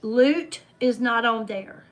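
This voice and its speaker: A woman's voice: fairly high pitch, slow pace. A woman hosting a casual trivia game with friends. She reads out questions and answers in a playful, teasing way. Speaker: game host.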